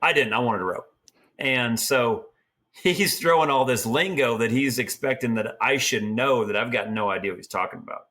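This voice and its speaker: A man's voice: medium pitch, normal speed. A middle-aged man from Oregon, a team roper and trainer, telling stories in a casual, folksy way. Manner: folksy, animated storyteller acting out quotes. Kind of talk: casual storytelling.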